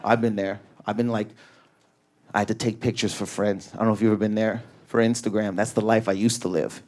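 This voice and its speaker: A man's voice: flat delivery, a little mellow, slight background noise. A man doing a stand-up comedy set in a club, riffing on an audience member with raging, neurotic energy and lots of swearing, on a stage mic. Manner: high energy, profane, neurotic, rapid riffs. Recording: live club audience laughter.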